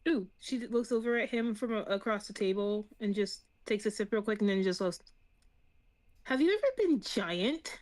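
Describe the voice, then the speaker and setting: A woman's voice: medium pitch, level tone, fairly quick, hardly any pauses, a little mellow. A woman playing a tabletop role-playing game, chatting casually and giggling often. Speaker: player.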